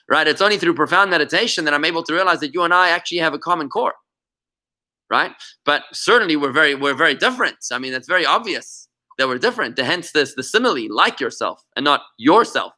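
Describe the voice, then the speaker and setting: A man's voice: fairly high pitch, sharp tone. A man, a rabbi, teaching an interactive class over a video call, telling stories animatedly and often repeating words as he goes. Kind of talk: interactive online lesson.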